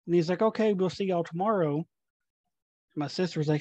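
A young man from Tennessee, a paranormal investigator, telling ghost stories in a casual, animated way and acting out the dialogue. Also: high voice, a little fast, dry recording, lo-fi sound. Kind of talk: casual storytelling.

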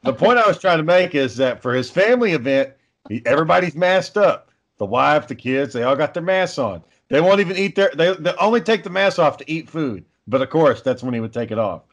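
A man's voice: fairly high pitch, animated, brisk, lo-fi sound. A man in a casual chat, blunt and teasing, swearing freely.

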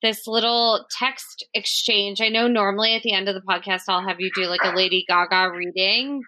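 A woman's voice: mid-range voice, steady tone, moderate pace. A woman hosting a podcast, chatting casually with lots of fillers. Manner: chatty, many fillers, warm-hearted reading. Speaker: podcast host.

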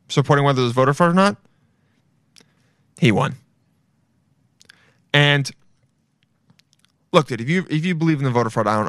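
A man's voice: fairly high pitch, a bit bright, dry recording, studio quality. A young man giving casual, profane, mocking commentary while reacting to a video, rambling as he goes.

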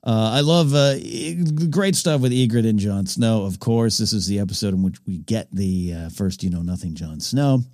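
Low-voiced enthusiastic man hosting a podcast. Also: expressive, moderate pace, hardly any pauses, darkish tone, no room sound, studio quality. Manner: enthusiastic, rambling, with frequent restarts. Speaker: podcast host. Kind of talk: casual episode recap commentary.

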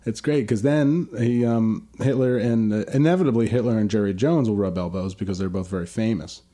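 A man's voice: fairly low pitch, brisk, warm tone. A man co-hosting a podcast, riffing through absurd comedic bits in casual chat, with frequent ums. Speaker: podcast co-host.

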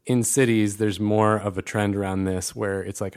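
Man with a lowish voice, podcast co-host, easygoing and reflective. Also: moderate pace, clean tone. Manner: relaxed, reflective, chuckles while talking. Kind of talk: conversational podcast chat.

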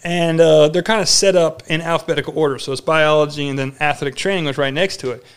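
A man from Florida, an athletic trainer guest, telling stories casually on a podcast, energetic and often repeating words as he talks. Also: a little high, quick pace, clear, resonant tone.

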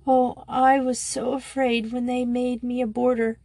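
A woman's voice: on the high side, level tone, unhurried, creaky, a little mellow, no room sound, voice pushed up. Lady reading as a scared little schoolgirl, teary and pleading. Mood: tearful. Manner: sobbing, pleading. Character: frightened abandoned schoolgirl, tearful.

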